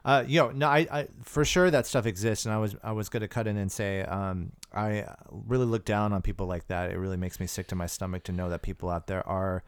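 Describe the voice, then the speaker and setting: A man co-hosting a podcast, chatting casually about movies in a relaxed, rambling way with some swearing. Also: lowish voice, fairly quick, hardly any pauses, clean tone, no room sound, clean studio sound. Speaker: podcast co-host. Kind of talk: casual movie-review chat.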